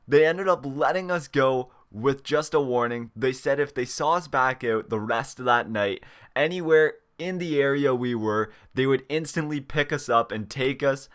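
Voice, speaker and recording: A man's voice: medium pitch, a bit bright, smooth. A young man casually telling a storytime, swearing freely and chuckling as he goes. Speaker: channel host.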